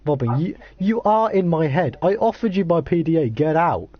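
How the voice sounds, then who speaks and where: A man's voice: mid-range voice, big pitch swings, brisk, husky, no echo. A man reading the lines of a stranded woman diver arguing with an alien, with exasperated emphasis. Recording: muffled lo-fi audio.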